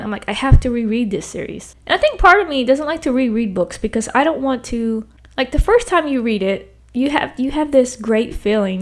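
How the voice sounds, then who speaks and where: A young woman casually talking about a book to camera from a small bedroom, chatty and rambling, with many asides to the viewer. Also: fairly high pitch. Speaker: book channel host.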